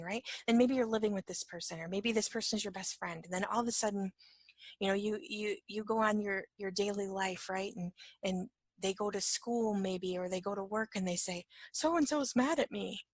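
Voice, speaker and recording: Husky-voiced woman teaching casually. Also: mid-range voice, dry recording. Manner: conversational, keeps asking "right?", acts out little dialogues; drops to a soft whisper at times. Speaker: empath teacher. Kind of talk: informal spoken teaching.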